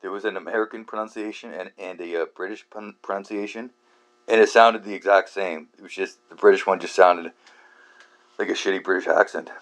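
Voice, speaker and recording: A man hosting a book channel, talking through a rambling casual monologue, halting with many fillers and restarts, swearing often and laughing at himself. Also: deep voice, fairly even intonation. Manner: self-deprecating, laughs at himself.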